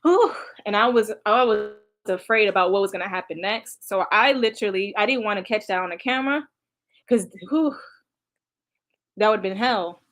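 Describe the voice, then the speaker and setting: A woman's voice: mid-range voice, normal speed, fairly bright tone. A woman vlogger talking straight to her viewers in a casual recap, emotional and sighing often. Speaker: vlogger recounting past events. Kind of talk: casual reaction commentary.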